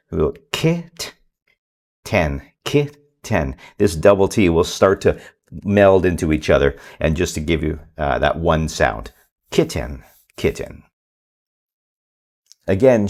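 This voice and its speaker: A man explaining to parents how to help a child who gets stuck while reading, calmly sounding out words slowly as he demonstrates. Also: deep voice. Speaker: reading instructor. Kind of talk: instructional talk to parents.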